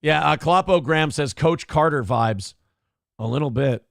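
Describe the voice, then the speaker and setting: A man with a somewhat high voice and vocal fry speaks at a normal pace on a dry, studio-quality recording. Hosting a livestream talk show, he reads viewer comments aloud and launches into rants laced with plenty of profanity.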